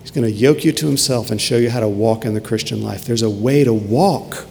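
A man's voice: medium pitch, a little fast, gravelly, a little mellow. A male pastor preaching a sermon, earnest and emphatic, repeating key phrases for weight. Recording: long reverb with faint ambient noise.

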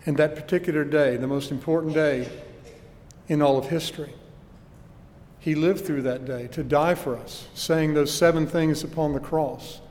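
A man's voice: fairly high pitch, fairly even intonation, moderate pace, darkish tone, in a large hall, slight background noise. A man preaching a sermon with earnest emphasis and rhetorical questions, recorded in a church.

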